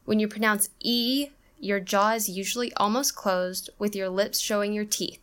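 A woman co-hosting an English-learning podcast, reading a scripted lesson and slowing down to model each sound. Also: medium pitch, a bit bright, clean tone. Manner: careful, explanatory, slows down on example sounds. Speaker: podcast co-host, English teacher.

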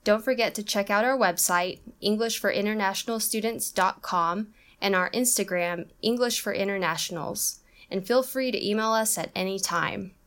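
A woman's voice: medium pitch, fairly bright tone. Woman, podcast co-host, scripted lesson, careful explanatory delivery. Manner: careful, explanatory, slows down on example sounds. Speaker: podcast co-host, English teacher.

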